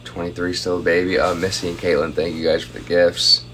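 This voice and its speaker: A man's voice: sits low, little pitch movement, fairly quick, a bit bright, a little hiss or hum. A young man chatting casually on a phone livestream at home, reading out viewer comments and thanking them for gifts.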